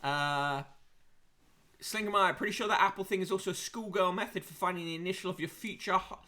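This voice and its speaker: A man's voice: high voice, a little fast, sharp tone. A man hosting a podcast, reading magazine snippets aloud and adding wry, sarcastic asides. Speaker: podcast host reviewing print media. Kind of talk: casual read-aloud commentary.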